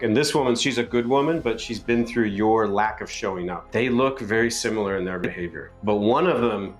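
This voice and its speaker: Earnest man giving relationship advice. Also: fairly low pitch. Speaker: relationship coach guest. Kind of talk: reflective advice.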